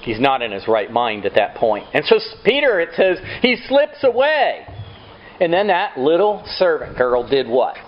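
A man's voice: a little high, wildly swooping pitch, normal speed, lo-fi sound. A man preaching a sermon, asking rhetorical questions and acting out quotes. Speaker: pastor.

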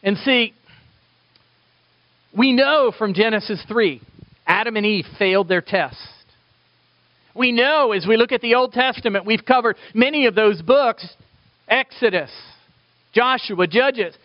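Animated male pastor preaching. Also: high-pitched, measured pace, long pauses, no echo. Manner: animated, rising emphasis and sudden soft drops. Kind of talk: sermon. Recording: dull lo-fi recording.

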